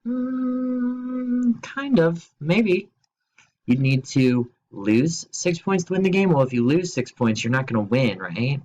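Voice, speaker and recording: Male teacher recording a home-school grammar lesson, mid-pitched, easygoing and jokey, spells things out slowly. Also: animated, darkish tone, lo-fi sound. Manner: playful, asks quiz questions and jokes; slow, spelled-out explanations.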